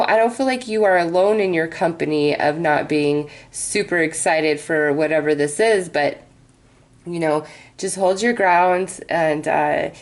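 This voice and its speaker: A woman's voice: sits low, poor audio. A middle-aged woman giving a daily tarot reading, chatty and reassuring, with many fillers and asides. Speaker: tarot reader.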